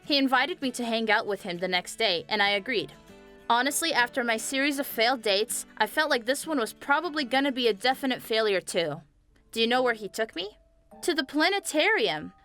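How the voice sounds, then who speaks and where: A young woman narrating a scripted animated story, chatty and speaking straight to viewers. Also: on the high side, a little fast. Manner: chatty, addresses viewers directly. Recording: faint music behind the voice.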